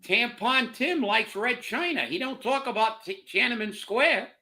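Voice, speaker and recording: A man's voice: very high voice, lively intonation, a little slow, pushed and bright. A man, co-hosting a political commentary show, ranting heatedly and profanely and stumbling over repeated words. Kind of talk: angry political rant.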